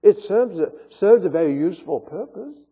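A man's voice: high-pitched, animated, normal speed, dark tone, husky. A man, a pastor, delivering an earnest sermon with rising and falling emphasis, heard through a tinny, phone-like recording. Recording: phone-like sound with long hall reverb.

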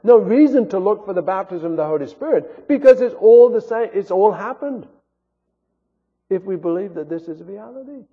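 A man's voice: high voice, lively intonation, moderate pace, husky. A man, a pastor, delivering an earnest sermon with rising and falling emphasis, heard through a tinny, phone-like recording. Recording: phone-like sound with long hall reverb.

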